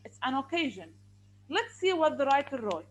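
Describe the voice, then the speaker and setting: A woman's voice: high voice, big pitch swings, normal speed, a little hiss or hum, rough recording. A woman teacher, patiently explaining and counting syllables aloud in a classroom.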